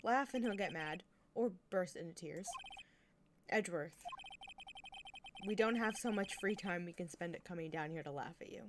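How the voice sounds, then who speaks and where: A woman's voice: on the low side, normal speed, noisy background, lightly acted. Woman reading as an earnest young male lawyer.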